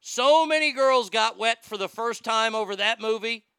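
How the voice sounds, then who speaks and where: A man hosting a podcast in casual chat, reading out listener comments and ranting bluntly and profanely, swinging between loud outbursts and low mutters. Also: moderate pace, clean tone, dry recording, clean studio sound. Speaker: podcast host.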